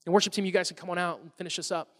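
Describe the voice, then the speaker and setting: Speaking very fast with fairly even intonation, a middle-aged pastor gives a sermon in a church hall. His voice sits high, and he moves from conversational talk into emphatic bursts. The live recording has a long hall reverb.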